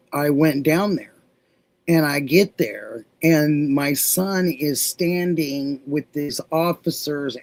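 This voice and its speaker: A middle-aged woman hosts a casual livestream and recounts a story at an unhurried, drawn-out pace. She brings the dialogue to life as she retells it. Her voice sounds dry and close, with no room echo. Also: low voice. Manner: animated retelling, acting out quoted dialogue. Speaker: livestream host.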